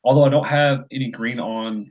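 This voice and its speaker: A man's voice: mid-range voice, fairly even intonation, normal speed, darkish tone. A man co-hosting a casual live stream, joking and rambling in easy banter. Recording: dull lo-fi stream audio.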